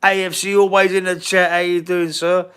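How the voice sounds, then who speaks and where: A man's voice: high-pitched, flat delivery, normal speed, a bit bright, clean tone. Sweary Cockney man on a live stream. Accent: London Cockney. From England. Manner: blunt, swears freely, talks to the chat. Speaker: football live-stream host. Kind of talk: casual live-stream chat.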